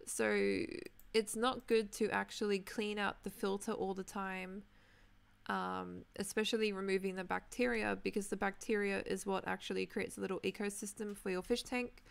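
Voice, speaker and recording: A young woman chatting casually while streaming a building game, reading chat names and clearing her throat, her voice tired from talking. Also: medium pitch, little pitch movement, normal speed. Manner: chatty, reads out chat names, many ums. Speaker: Minecraft livestreamer.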